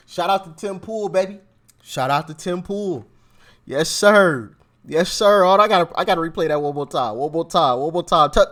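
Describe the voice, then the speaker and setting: A man hosting a reaction channel, commenting on clips in an excitable, teasing way. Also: sits high, normal speed.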